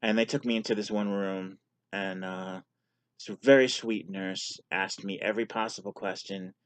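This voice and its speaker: Speaking at a normal speed with fairly even intonation, a deep-voiced man recounts a personal story for his vlog, candidly and at his own expense. There's no echo.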